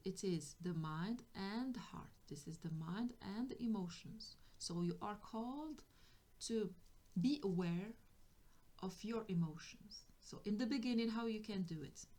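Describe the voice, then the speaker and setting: A woman's voice: medium pitch, a little mellow. A woman giving a tarot reading for spiritual guidance, speaking hesitantly and often restarting as she searches for words. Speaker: tarot reader.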